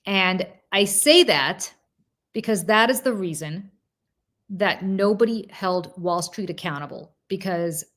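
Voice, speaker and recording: A woman hosting a political talk show, telling a story in an animated, casual way with asides and restarts. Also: mid-range voice, a little slow. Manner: slips into mocking quoted voices of politicians. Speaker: political commentator and show host.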